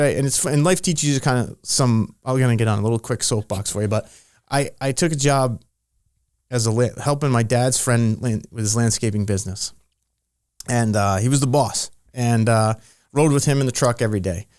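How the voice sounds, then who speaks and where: A man's voice: medium pitch, moderate pace, no room sound. A middle-aged man who coaches strength and conditioning, telling stories in a loose, rambling way full of restarts. His voice sits in an ordinary male range. The recording is dry and close. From Rhode Island. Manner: rambling, restarts often, animated storytelling. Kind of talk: casual podcast interview.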